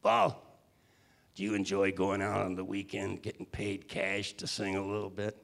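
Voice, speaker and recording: A man imitating a gruff older male record executive from Chicago, curt and dismissive. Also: sits low, normal speed.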